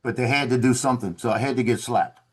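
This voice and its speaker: A man's voice: medium pitch, fast talker. A man on a video call, telling a story in a casual way and acting out the officers he quotes. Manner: animated, acts out quoted officers. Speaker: former Marine telling a story.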